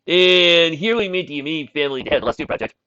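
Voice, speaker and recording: A man's voice: on the high side, quick pace, sharp tone, clear, resonant tone, voice pushed up. A man voicing a cocky, easygoing young male pony who films everything, in a storybook reading. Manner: cocky and casual. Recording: dull lo-fi recording.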